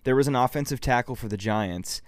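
A man's voice: medium pitch, a little fast, no echo, studio quality. A man co-hosting a podcast, chatting casually and setting up clips for his friends. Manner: relaxed, storytelling, sets up clips for the group. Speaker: podcast co-host.

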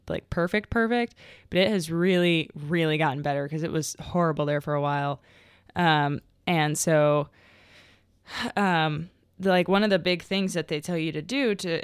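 A woman's voice: low voice, clean tone, no echo, studio quality. A young adult woman hosting a podcast alone, telling stories in a rambling, casual way, full of fillers and frequent laughs. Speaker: podcast host. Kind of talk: casual solo podcast chat.

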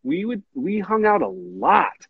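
A man hosting a casual podcast talks in a long, earnest ramble and keeps calling his friend dude. His voice is husky, a little breathy at the edges. The recording sounds dull and dry, with little room around it. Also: sits high, very animated, a little slow, no room sound. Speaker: podcast host. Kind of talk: casual chat.

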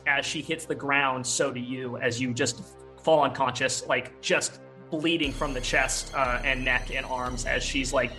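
A man's voice: medium pitch, sharp tone. A man narrating a tabletop role-playing game as game master, rambling with many fillers and restarts.

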